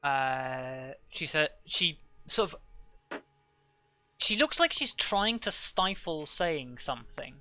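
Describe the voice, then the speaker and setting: A man running a tabletop game as game master, narrating haltingly with many restarts. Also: on the high side, big pitch swings, sharp tone, clear, resonant tone. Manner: halting, full of restarts and fillers.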